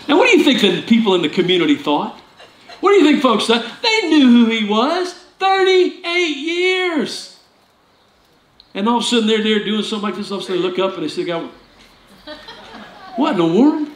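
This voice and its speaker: A man pastor preaching a sermon, animated and jokey, with sudden loud outbursts. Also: sits high, fast, slight background noise. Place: church sanctuary. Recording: echoey church room with faint ambience.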